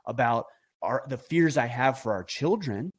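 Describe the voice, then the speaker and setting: A man's voice: mid-range voice, expressive, unhurried, breathy edge. A middle-aged man talking as a podcast guest, earnest and emphatic, building his points with rhetorical questions. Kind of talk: conversational podcast talk.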